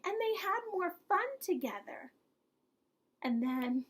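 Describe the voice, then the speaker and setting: A woman preschool teacher reads a picture book aloud to young children. She speaks very slowly in a very high voice. She pauses to ask the children gentle questions about the story. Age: adult.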